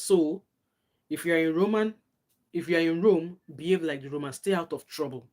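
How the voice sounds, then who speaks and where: A low, darkish female voice at normal speed belongs to a middle-aged nurse with a Nigerian accent. Hosting a live stream, she chats informally, takes up viewers' comments, and offers earnest guidance.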